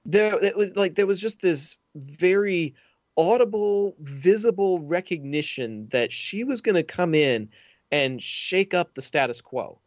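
A man's voice: sits high, animated, measured pace, no echo, highs cut off. A man co-hosting a podcast, talking through a film character in casual, thoughtful detail. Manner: detailed, thoughtful movie analysis. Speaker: podcast co-host.

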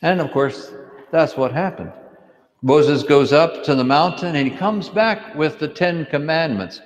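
A man as priest or deacon, reading the gospel and giving an animated homily to children, asking them questions. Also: on the high side, measured pace. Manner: animated storytelling, asks kids questions. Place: church. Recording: long church reverb.

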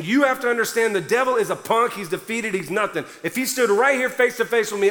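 A man preaching a sermon with a high, bright, forceful voice, hammering each point with fervent emphasis. His voice rings through a large church hall with a long reverb trail. He sounds a little out of breath as he pushes on. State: somewhat out of breath. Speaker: pastor.

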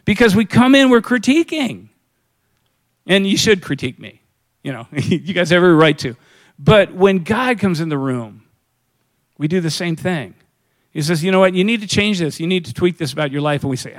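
Conversational pastor preaching, slightly high voice. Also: male voice, expressive, brisk, fairly bright tone. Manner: conversational preaching, acts out quoted voices, asks the congregation questions. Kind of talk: sermon.

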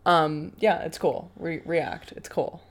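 A woman's voice: low voice, flat delivery, slow. A woman with an American accent, co-hosting a podcast in a laid-back casual chat. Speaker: podcast co-host.

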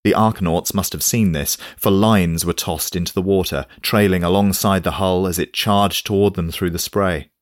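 A man reading a novel aloud in steady, measured scripted narration. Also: low-pitched, no echo, clean studio sound. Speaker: audiobook narrator.

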